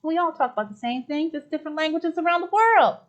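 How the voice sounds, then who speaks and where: A woman's voice: high-pitched, animated, fast, lo-fi sound. A woman from the United States hosting a spiritual talk show, effusive and exclaiming as she affirms her guests. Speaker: podcast host.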